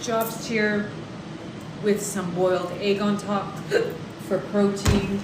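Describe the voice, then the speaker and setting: A woman's voice: mid-range voice, fairly even intonation, measured pace. A woman hosting a casual wellness livestream from her home kitchen. She chats with viewers and calls them "my love". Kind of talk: casual live chat with viewers. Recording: echoey room with loud background noise.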